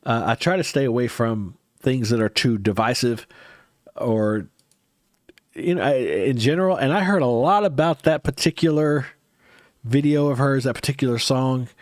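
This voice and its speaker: A man's voice: mid-range voice, normal speed, no echo, clean studio sound. A man hosting a casual livestream, chatting with viewers in a rambling, hesitant way with many restarts, his nose a bit stuffy. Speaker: livestream host.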